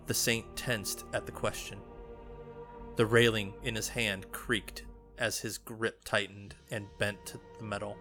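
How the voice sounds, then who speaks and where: Male podcast co-host, unhurried reader, bright edge, lower pitch, faint music behind. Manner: slow, hushed reading; excitable and loud in chat. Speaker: podcast co-host reading a story. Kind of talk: measured story reading, then casual chat.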